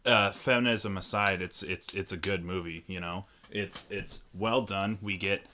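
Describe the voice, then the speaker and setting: A man's voice: deep voice, fairly even intonation, a little slow, pushed and bright, slight background noise. A young man co-hosting a casual movie podcast, weighing his opinions with many restarts and putting questions to his co-host. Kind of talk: casual movie review chat.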